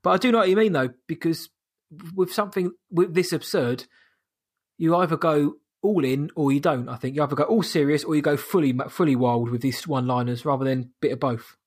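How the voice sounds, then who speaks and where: Halting man reviewing a film. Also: on the high side, a little mellow, breathy edge. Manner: halting, many restarts and fillers. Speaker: film review podcast co-host. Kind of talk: casual chat.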